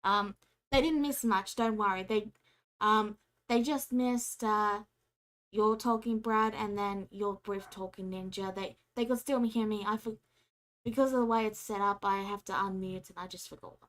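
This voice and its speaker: A woman's voice: medium pitch, steady tone, moderate pace, fairly bright tone. Apologetic woman game master. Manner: apologetic, organizing, restarts. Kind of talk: running an online tabletop game.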